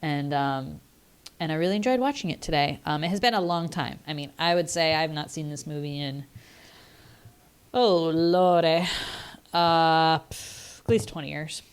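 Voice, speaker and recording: A woman's voice: low-pitched, normal speed, clean tone. A woman co-hosting a podcast, talking over a film in casual chat and thinking aloud as she goes. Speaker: podcast co-host.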